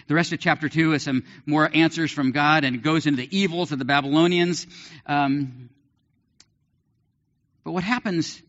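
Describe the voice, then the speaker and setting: A male pastor preaching a sermon in an animated way, with big swings in pitch and the odd light laugh. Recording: dull lo-fi sermon recording.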